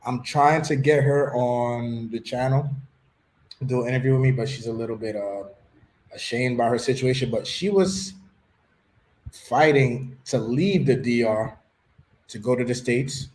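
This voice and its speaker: A man hosting a casual chat, telling stories in an animated way and dropping Spanish words into his talk. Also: mid-range voice, a little slow. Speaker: host. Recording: roomy echo.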